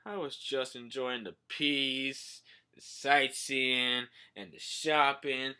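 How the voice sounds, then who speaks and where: A man's voice: mid-range voice, fairly even intonation, takes it slowly, sharp tone, clear, resonant tone. A man voicing a sassy, foul-mouthed young woman with a drawling, sarcastic delivery.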